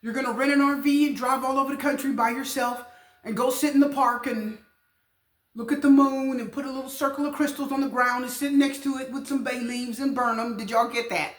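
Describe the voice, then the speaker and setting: A woman's voice: high-pitched, roomy sound. A woman giving a casual tarot reading to camera, emphatic and chatty, repeating her points to the viewers. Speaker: tarot reader.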